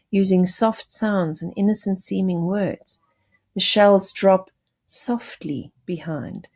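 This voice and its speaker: Slow-speaking woman teacher explaining a poem. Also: medium pitch, darkish tone. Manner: patient, explanatory with restarts. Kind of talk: poetry lesson.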